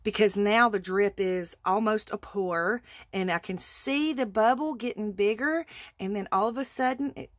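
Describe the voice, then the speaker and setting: Woman, craft vlog host, casual rambling story, animated, dry close recording. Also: medium pitch, moderate pace, no echo. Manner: animated, rambling, laughs while telling.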